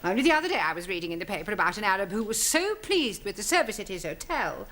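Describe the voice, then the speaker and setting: An actress playing a bossy, prim headmistress in a 1970s studio sitcom, clipped and commanding. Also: female voice, medium pitch, sing-song, quick pace, sharp tone, a little hiss or hum. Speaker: school principal.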